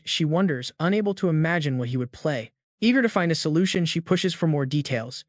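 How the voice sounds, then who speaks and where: A man tells a comic-book story in a scripted, dramatic narration, his voice sitting a bit high for a man. The recording is close and dry with no room sound. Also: lively intonation, fairly quick, hardly any pauses, no echo. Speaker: recap narrator.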